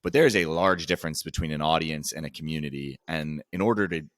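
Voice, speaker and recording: A man hosting a podcast, asking the guest questions and building on his points in a relaxed, conversational way. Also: a bass voice, fast talker, no room sound, studio quality. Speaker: podcast host. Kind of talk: casual interview talk.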